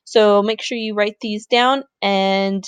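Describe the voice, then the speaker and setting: A woman's voice: mid-range voice, fairly even intonation, takes it slowly, clean tone, dry recording. Upbeat woman teacher, dry close sound. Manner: upbeat, informal explaining. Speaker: Spanish teacher. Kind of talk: recorded grammar lesson.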